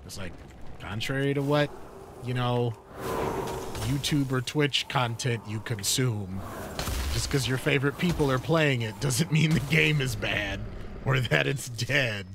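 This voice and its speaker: Speaking a little slowly at a medium pitch, this man live-streams a game over a noisy background with game music playing. His casual gaming chat rambles and drifts off on tangents, full of fillers.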